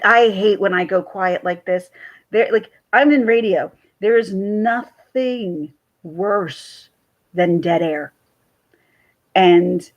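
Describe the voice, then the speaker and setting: Recorded at low quality, this mid-range female voice belongs to a livestream host from central New Jersey. She talks to her chat in a rambling, chatty way, hopping between stories.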